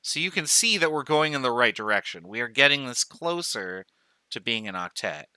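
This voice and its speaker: A male chemistry professor with a medium-pitched, sharp yet smooth voice teaches in a recorded lecture, very animated at a moderate pace. He talks through steps aloud, counting dots and self-correcting along the way. The recording is dry.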